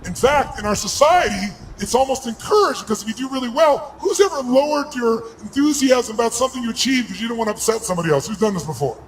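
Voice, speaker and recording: A man with a very high voice works a big live seminar audience. He fires off quick questions and breaks into shouted commands. A faint hiss of noise runs under his voice. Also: animated, poor audio. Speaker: motivational speaker. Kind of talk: live motivational seminar talk.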